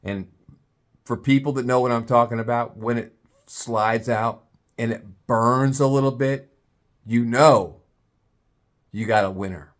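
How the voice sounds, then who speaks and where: A man telling a comic story in a drawn-out, playful way. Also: mid-range voice. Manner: animated, drawn-out comic buildup.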